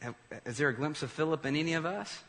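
A man preaching with animated emphasis, his voice a little high and very bright. His words ring out with a long hall reverb behind them, and he breaks off to speak directly to the congregation. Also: fast. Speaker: pastor. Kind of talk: sermon.

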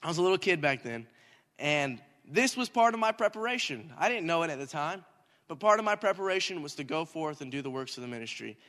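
A young man, a minister, telling a story in a lively sermon and rising to shouts at times. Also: a little high, a little fast. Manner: animated, talks in circles, rising to shouts. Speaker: youth minister. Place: church hall. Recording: hall reverb.

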